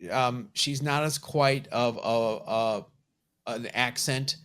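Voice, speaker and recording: A man's voice: medium pitch, fairly even intonation, takes it slowly, a bit bright, clean tone. Wry male comic podcast host. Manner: wry, joking. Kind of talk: casual chat.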